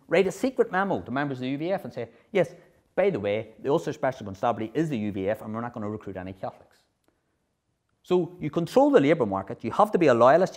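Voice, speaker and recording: A middle-aged man giving a history lecture, lively, often checking in with his audience. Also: mid-range voice. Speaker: speaker at a political history festival.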